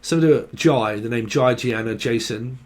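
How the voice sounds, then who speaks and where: A man's voice: medium pitch, moderate pace. Rambling, crude tarot reader, man. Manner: rambling, crude, jokey, word-associating, laughs often. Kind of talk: casual off-the-cuff tarot channelling.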